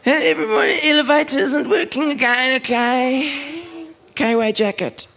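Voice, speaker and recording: A man voicing a fussy, bossy suburban woman neighbour in a high, nagging voice. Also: unhurried, creaky, bright, forceful tone, full character voice.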